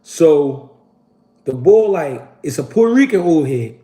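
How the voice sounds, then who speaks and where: A man's voice: on the high side, sing-song, a little slow, dark tone. A man, hosting his channel and telling a story to a live audience in a casual, slangy and profane way, acting out the quotes. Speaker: channel host.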